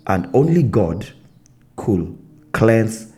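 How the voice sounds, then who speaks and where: Deep, slow, mellow-voiced man. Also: sing-song. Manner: reflective, measured, many affirming murmurs. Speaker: podcast co-host. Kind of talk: casual faith chat.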